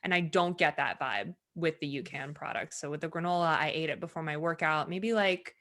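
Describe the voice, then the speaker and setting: A woman's voice: deep voice, a little fast. Bubbly woman podcast co-host. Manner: bubbly, animated, self-correcting. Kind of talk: casual chat.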